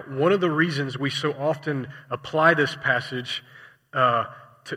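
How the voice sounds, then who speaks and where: A man's voice: mid-range voice, pushed and bright, husky. A man preaching a sermon in a conversational way, often asking his listeners rhetorical questions. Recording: long reverb hall.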